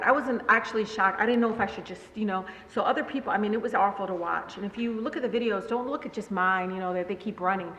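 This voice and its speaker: Forceful, bright-voiced woman telling stories in an echoey hall. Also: mid-range voice. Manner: animated, laughs while telling stories, voices family members. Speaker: guest speaker, politician. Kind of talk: conversational storytelling to a live audience. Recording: echoey hall, faint background hum.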